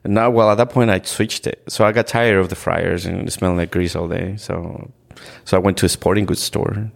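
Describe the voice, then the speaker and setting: Deep and gravelly, this man's voice holds a steady tone. He's from Ecuador and is a guest on a podcast, sharing candid stories in conversation with an earnest, halting delivery full of restarts and "like."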